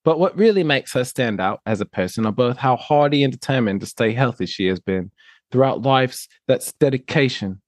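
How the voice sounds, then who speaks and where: A man's voice: mid-range voice, animated, moderate pace, dry recording, close to an everyday voice. A grand, pompous reader in a put-on English accent, as a man puts it on for a laugh, drawing out each line as if it were a fine biography. The voice is very dry and close, with no room around it. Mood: mock-grand. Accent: mock English. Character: man reading an article aloud in a mock English accent.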